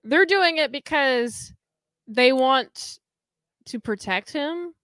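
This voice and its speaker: A woman co-hosting a podcast, chatting casually about a movie and acting out scenes in quick quoted voices. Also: sits high, animated, a bit bright, no echo, studio quality. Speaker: podcast co-host.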